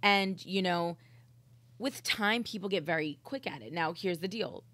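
Woman, podcast and radio host, blunt, intense, swears a lot, slightly low voice, dry close sound. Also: unhurried, bright, forceful tone, dry recording. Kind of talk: casual podcast chat. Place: studio.

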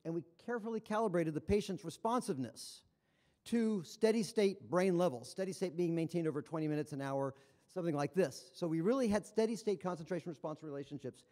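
A man's voice: fairly high pitch, a little fast, darkish tone. A man giving a conference lecture in a large hall, talking enthusiastically and conversationally with wry asides. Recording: long hall reverb.

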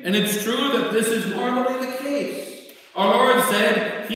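A man preaching a sermon as a bishop, slow and emphatic, rising and dropping his voice. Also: extremely high pitch, a bit bright. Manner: slow, emphatic preaching with sudden rises and drops. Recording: echoey church from far off.

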